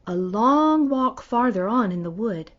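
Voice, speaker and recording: A woman voicing an innocent, cheerful young girl in a storybook, speaking slowly and earnestly. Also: on the high side, lively intonation, lo-fi sound.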